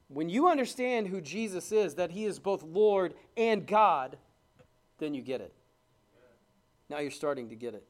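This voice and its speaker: A man preaches to a congregation in a somewhat high voice. He swings between loud, rapid exclamation and low, hushed emphasis. He quotes scripture in old King James wording. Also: lively intonation. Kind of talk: sermon. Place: church service.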